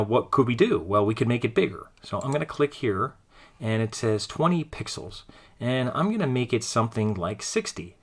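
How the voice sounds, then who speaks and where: A man with a fairly low voice walks through a design lesson on screen. He talks in a relaxed, thinking-aloud way as he clicks through each step, recorded close on a desktop mic. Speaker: design teacher. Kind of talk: screen-recorded software tutorial.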